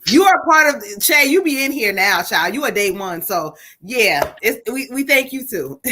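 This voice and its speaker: A woman's voice: a little high, big pitch swings, a little slow, sharp tone. A woman hosting a live tarot reading, blunt and emphatic and full of profanity. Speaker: livestream host and tarot reader.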